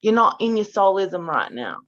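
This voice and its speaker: A woman's voice: medium pitch, sing-song, moderate pace, a bit bright. Woman, guest, blunt, emphatic, swearing, video call, slightly muffled sound. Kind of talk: casual spiritual chat.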